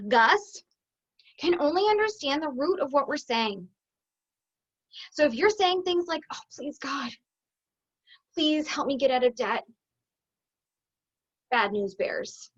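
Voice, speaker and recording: A woman's voice: sits high, muffled recording. A woman business coach teaching an online masterclass, upbeat and conversational, acting out the thoughts she quotes.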